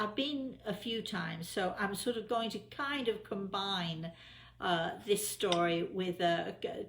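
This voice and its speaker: A woman with a low, gravelly voice tells a personal story in a relaxed, meandering way. She fills her sentences with ums and false starts. The sound carries noticeable room echo. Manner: rambling with many fillers and restarts. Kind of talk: casual spoken storytelling.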